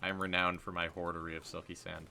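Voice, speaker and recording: Gravelly low-voiced male streamer. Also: quick pace. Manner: excitable, slangy, bursts louder when hyped. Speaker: livestream host. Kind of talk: casual gameplay chat.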